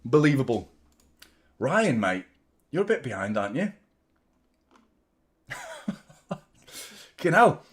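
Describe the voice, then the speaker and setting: A young adult man hosts a football watchalong live stream, talking casually to his viewers. He rambles and swears freely, reading out chat comments as he goes. His voice sits mid-range in pitch and sounds drained. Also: big pitch swings, a little slow, pauses often.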